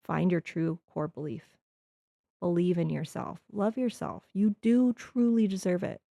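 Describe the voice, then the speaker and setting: A woman's voice: on the low side, steady tone, measured pace, gravelly, dark tone, dry recording, studio quality. A woman from the Midwest hosting a podcast, talking earnestly in a rambling reflective monologue with restarts. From American Midwest. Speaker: podcast host.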